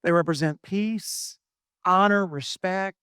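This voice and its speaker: A middle-aged pastor preaching a sermon in a conversational way, often asking the congregation questions. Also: male voice, high voice, slow pace, sharp tone, clear, resonant tone, no echo, clean studio sound.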